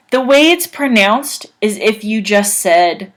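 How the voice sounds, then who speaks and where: Slow, careful woman teaching English. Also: mid-range voice, lively intonation. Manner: slow, careful, sounds words out letter by letter; repeats examples for practice. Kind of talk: online grammar lesson.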